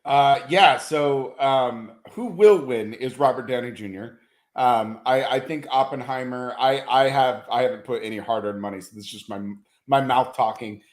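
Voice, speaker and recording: A film critic gives his picks in a casual awards-preview chat, thoughtful and full of ums and restarts. He has a medium-pitched voice and a moderate pace. The recording has a roomy echo.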